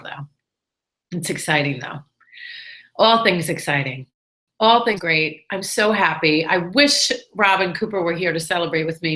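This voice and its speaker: Bubbly woman with a bright voice. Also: lowish voice. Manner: bubbly, gushing and chatty; jokey asides to the viewer. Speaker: health and wellness editor. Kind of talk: casual vlog to camera.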